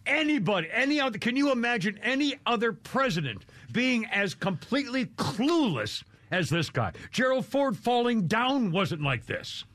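A male talk radio host rambles through his opinions in a studio, breaking into laughs and mock voices as he goes. His voice sits high for a man and comes across dry and close to the mic. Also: a bit bright, dry recording. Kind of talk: casual talk radio chat. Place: radio studio with video cameras. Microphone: studio microphone.

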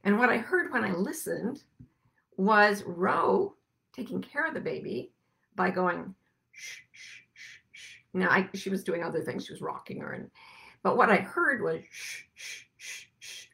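A woman hosting a reflective spiritual talk to a group, soft-spoken and unhurried, sometimes sinking to hushed whispers. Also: medium pitch, very animated, gravelly. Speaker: podcast host and teacher.

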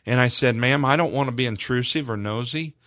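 Man, earnest storyteller, rises in loudness at key moments, dry close studio sound. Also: mid-range voice, fairly quick, no room sound. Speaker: charity representative. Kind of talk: storytelling in a radio interview.

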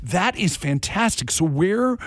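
A man hosts a morning radio show, chatting loosely and cracking quick jokes. His voice sits a little high for a man. Faint music plays underneath. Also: no room sound. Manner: animated, joking, quick asides. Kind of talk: casual radio chat.

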